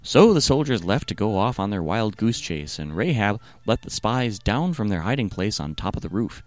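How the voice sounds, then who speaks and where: A man narrates a satirical retelling of a scripture story in a deadpan, sardonic manner. His voice is low but moves up and down a great deal. Faint music runs underneath. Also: normal speed, hardly any pauses.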